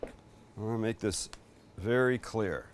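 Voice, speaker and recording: A man's voice: fairly low pitch, slow, recorded from a distance. Chatty, jokey man cooking outdoors. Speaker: cooking show host. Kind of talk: casual cooking demonstration. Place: outdoor backyard kitchen.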